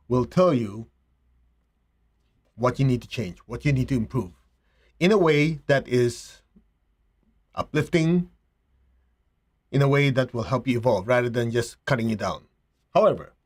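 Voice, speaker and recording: A middle-aged man, a spiritual teacher, giving a slow, reflective talk with rhetorical asides. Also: medium pitch.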